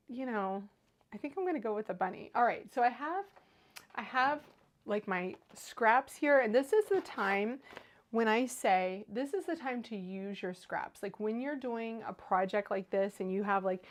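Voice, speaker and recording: A woman hosting a casual craft livestream, chatty and enthusiastic as she reads viewer comments aloud. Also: mid-range voice.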